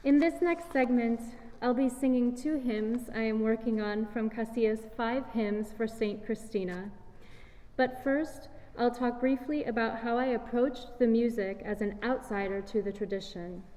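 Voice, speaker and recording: A woman giving a measured, explanatory talk as a singer presenting chant, recorded in a large hall. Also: on the high side, dark tone. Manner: measured, explanatory, sings short chant fragments. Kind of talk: scripted lecture-recital talk. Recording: reverberant hall.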